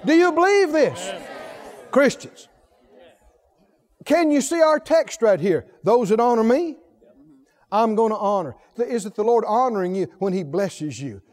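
A man preaching a sermon, emphatic and full of rhetorical questions to the congregation, swinging from soft low asides to loud exhortation. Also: animated, unhurried.

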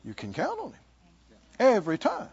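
A man's voice: high-pitched, huge pitch swings, normal speed, vocal fry, darkish tone, lo-fi sound. A middle-aged man preaching a sermon as pastor, emphatic and calling out to the congregation.

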